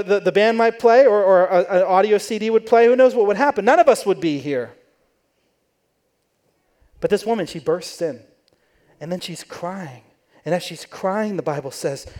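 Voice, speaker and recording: High-voiced man preaching a sermon. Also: a little mellow. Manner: conversational storytelling, acts out quoted voices. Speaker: pastor. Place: church.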